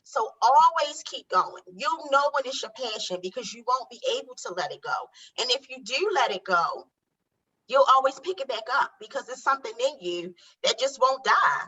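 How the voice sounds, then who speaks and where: Bright, earnest woman giving encouragement. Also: high-pitched, animated, moderate pace, husky. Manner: earnest, motivational. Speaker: entrepreneur guest. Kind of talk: encouraging advice in an interview. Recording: somewhat distant from the mic.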